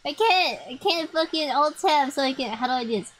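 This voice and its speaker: Young adult woman, fairly high voice, excitable and foul-mouthed live game commentary. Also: brisk, low-quality recording. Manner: excitable, swears freely, talks to chat. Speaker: streamer.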